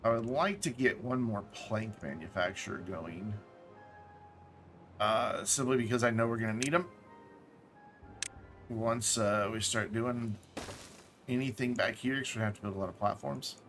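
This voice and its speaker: A man's voice: on the low side, measured pace, pauses often, fairly bright tone, soft background music. A man casually commenting while playing a game on a live stream, thinking aloud, correcting himself and dropping jokey asides.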